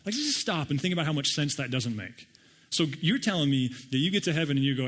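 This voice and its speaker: Middle-aged man, pastor, fairly high voice, animated, self-deprecating sermon storytelling. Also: fast talker. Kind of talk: sermon with personal stories.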